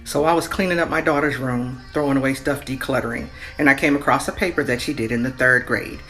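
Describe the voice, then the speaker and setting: A woman's voice: a bass voice, fast, music in the background. A woman, a night shift nurse, telling a wry story in an incredulous tone.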